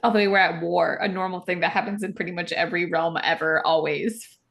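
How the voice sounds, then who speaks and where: A woman's voice: fairly low pitch, steady tone, a little fast, vocal fry, a bit bright. A woman co-hosting a podcast, riffing jokingly in casual chat about a book. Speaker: podcast co-host.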